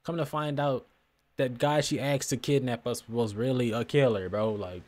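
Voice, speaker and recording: A man giving casual gameplay commentary into a desk microphone, reacting with animated jokes and slang. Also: medium pitch, normal speed. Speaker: gaming streamer.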